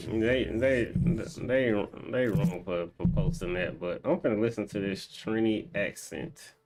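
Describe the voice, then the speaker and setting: A man's voice: lowish voice, a little slow, heavy background noise. A man streaming a game, chatting casually and reading viewer comments aloud as he banters with them. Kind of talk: casual live-stream chat.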